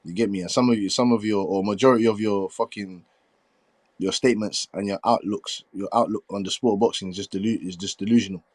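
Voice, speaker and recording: Man, low voice, dry close sound, swearing, combative banter. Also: steady tone, fast talker, darkish tone, dry recording. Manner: profane, combative, laughing banter. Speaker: boxing fan debater. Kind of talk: casual heated debate.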